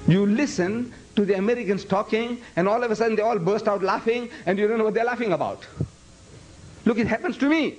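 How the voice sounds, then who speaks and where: A man's voice: high-pitched, fairly quick, slight background noise, rough recording. A man giving a public lecture to students. He speaks emphatically, repeats phrases for effect and breaks into Arabic recitation. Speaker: Islamic lecturer.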